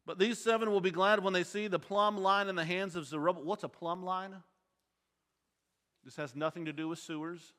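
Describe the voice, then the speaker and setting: Bright-voiced man teaching a Bible class. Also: high-pitched, fairly even intonation, moderate pace. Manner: quizzes the class with questions. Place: church auditorium. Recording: long hall reverb.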